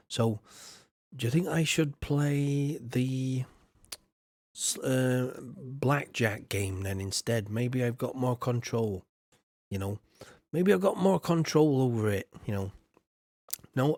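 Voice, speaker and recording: A man rambling through casual live-stream commentary on a game, chatty and often clearing his throat. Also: medium pitch, a little mellow, no echo, studio quality.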